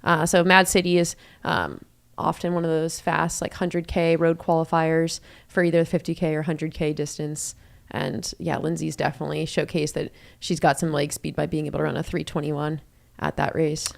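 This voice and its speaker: A woman's voice: sits low, little pitch movement, moderate pace, creaky. A young woman commentating a live running race in a chatty way, with many fillers as she runs through splits and standings.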